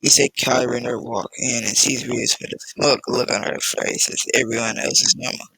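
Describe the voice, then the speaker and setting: A man reading a fan-fiction story aloud in a casual, halting way, with fillers and restarts. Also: medium pitch, steady tone, gravelly, sharp tone, slightly rough, no echo, poor audio. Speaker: story reader.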